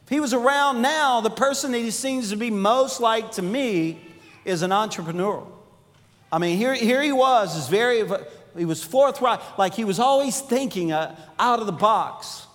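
Animated pastor with a high voice in a reverberant hall. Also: male voice, normal speed. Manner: animated storytelling, acts out quoted voices. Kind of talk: sermon. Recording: long hall reverb, faint music behind.

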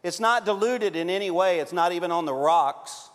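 A man preaching a sermon as a pastor, telling stories with big swings from loud to hushed. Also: high voice, normal speed. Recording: long hall reverb.

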